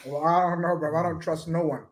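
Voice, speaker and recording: A man on a football panel with a high voice. He keeps up exasperated, giggly banter with the others. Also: little pitch movement, a little fast, crowd noise. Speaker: panel guest. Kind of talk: casual panel show chat.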